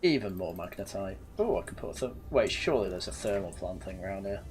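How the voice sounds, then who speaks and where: A man's voice: low voice, animated, quick pace, a little mellow, soft background music. Young northern English man rambling while gaming. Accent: northern English, slightly posh. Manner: rambling anecdotes with frequent laughs and self-corrections. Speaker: gaming channel host. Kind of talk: casual let's-play chat.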